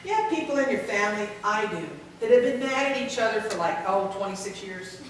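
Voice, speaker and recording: A woman's voice: medium pitch, animated, brisk, noisy background. A woman giving a candid, self-deprecating talk at a caregiver symposium, joking with the room. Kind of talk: conference talk to an audience. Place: large conference hall. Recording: very echoey hall, voice from far off.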